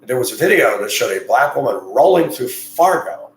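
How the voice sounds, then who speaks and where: A man's voice: mid-range voice, sing-song, moderate pace, a little hiss or hum. A man in a mid-range voice delivers a blunt, rambling monologue about his work as a school bus driver. He speaks in an opinionated way, and his voice rings around a bare, echoey room. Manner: blunt, rambling, gets heated and loud.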